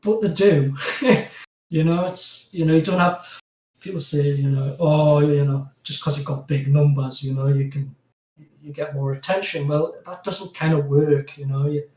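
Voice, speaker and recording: Fairly high, mellow and steady in tone, this man's voice moves at normal speed. He's a graphic designer and podcast guest from North East England, strongly Geordie-accented, rambling through a casual chat with lots of laughter and "you know" fillers, heard in a roomy recording far from the mic.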